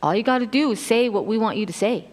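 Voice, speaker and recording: A middle-aged woman giving a casual sermon, telling stories in an animated way and acting out quotes with laughs. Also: fairly high pitch, fast talker. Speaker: preacher. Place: church sanctuary. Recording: long hall reverb.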